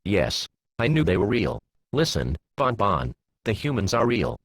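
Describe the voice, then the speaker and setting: Storybook pony who gets excited, as a man reads her in a low, husky voice. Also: unhurried, no room sound, studio quality, heavily acted. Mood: eager. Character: excitable female pony who believes in humans.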